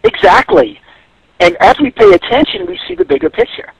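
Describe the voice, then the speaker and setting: A man's voice: extremely high pitch, wildly swooping pitch, brisk, creaky, breathy edge, no echo, muffled recording. A man giving a radio interview as a guest, telling stories in a reflective way. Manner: storytelling, reflective.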